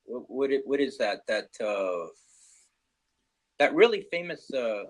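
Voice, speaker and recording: A man's voice: mid-range voice, lively intonation, measured pace, rough recording. A man with a Canadian accent in casual video-call chat, hesitant and chatty with many restarts.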